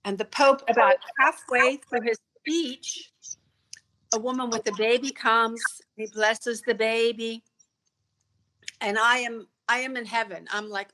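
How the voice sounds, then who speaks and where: A woman's voice: a little high, steady tone, a little slow, sharp tone. A woman telling a personal story as a podcast guest, vivid and earnest, stumbling over repeated words when moved.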